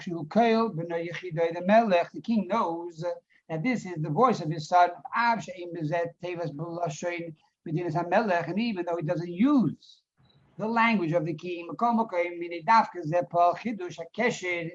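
Rabbi translating and explaining, lo-fi. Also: male voice, high voice. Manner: reads Hebrew phrases, then translates and elaborates; storytelling, repeats words for emphasis. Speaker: rabbi teacher. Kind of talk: Torah class on a Hasidic discourse. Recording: dull lo-fi recording.

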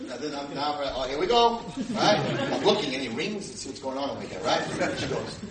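A man teaching an audience as a rabbi, telling stories and acting out the voices of the people in them with sudden loud shouts. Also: medium pitch, animated, fast talker, hardly any pauses, over a noisy crowd. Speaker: rabbi lecturer. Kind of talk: animated storytelling lecture to a live audience. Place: community hall with audience. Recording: roomy distant room mic with noise.

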